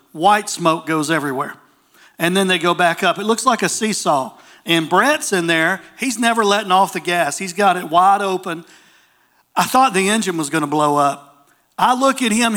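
A man preaching, telling a story with lots of animation. He acts out the people in the story in a high, bright voice that has a sharp edge to it. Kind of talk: storytelling sermon.

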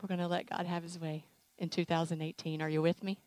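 A woman's voice: lowish voice, fast, dry recording, low-quality recording. Woman preacher leading an altar call, emotional and playful, dry close mic. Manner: emotional, animated, playful with acted asides. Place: church sanctuary.

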